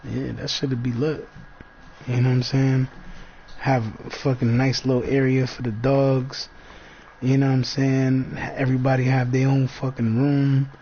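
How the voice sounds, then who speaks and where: A man's voice: mid-range voice, completely flat delivery, a little slow, warm tone. A man in a casual rambling monologue, laid-back and slangy, talking in loose fragments. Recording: dull lo-fi sound with faint background noise.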